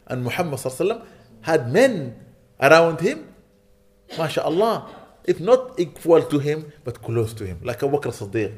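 A man delivers an earnest sermon inside a mosque, at an ordinary middle pitch. He drives his points home by repeating them and keeps checking in with the congregation. He slips easily into Arabic phrases and recitation. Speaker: preacher.

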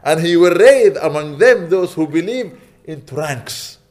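A man's voice: on the high side, animated, measured pace, darkish tone. A man preaching a sermon in a mosque, emphatic and repetitive, often checking in with his listeners and weaving in Arabic phrases and recitation. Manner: emphatic, repeating points and checking in with "Okay?".

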